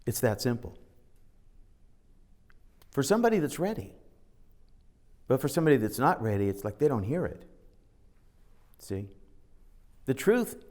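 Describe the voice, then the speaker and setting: A man with a medium-pitched, darkish voice gives an informal spiritual talk as a teacher. He tells stories conversationally, acts out the dialogue, and now and then reads scripture aloud.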